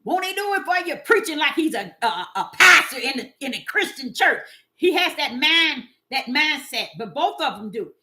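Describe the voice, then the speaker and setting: A woman giving animated, preachy casual commentary to her viewers, often repeating words and using fillers. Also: sits high, moderate pace, background noise.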